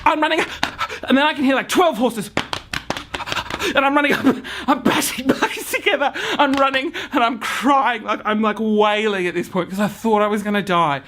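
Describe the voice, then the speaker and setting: A young man vlogging a comic story to camera, acting out his own panic with hushed whispers, swearing and sudden shouts. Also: sits high, a little fast, background noise.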